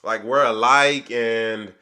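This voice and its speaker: A man talks straight to his channel's viewers in a casual review of a reality show. He rambles through the story in loose, slangy chat. His voice sits at an ordinary middle pitch. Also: steady tone, slow pace, bright, forceful tone, clear, resonant tone. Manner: rambling, chatty retelling with slang.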